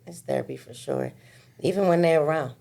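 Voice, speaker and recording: A woman, a mother of three, chats frankly and in a laid-back way in a podcast studio. Her voice sits low with a gravelly fry. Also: brisk, mellow. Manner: frank, laid-back, calls music therapy. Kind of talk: casual podcast chat.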